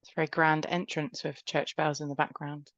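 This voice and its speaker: A woman's voice: deep voice, little pitch movement, a little fast, a bit bright, no echo. A woman co-presenting a product webinar over a video call, giving brief, polite replies. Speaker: head of product marketing. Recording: dull, dry lo-fi audio.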